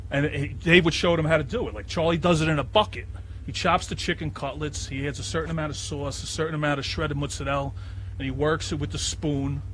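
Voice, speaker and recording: A man's voice: fairly high pitch, fairly even intonation, quick pace, a bit bright, a little hiss or hum. A man hosting a casual chat, rambling with lots of fillers as he talks about local spots. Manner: rambling, lots of "you know" and "like". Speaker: host.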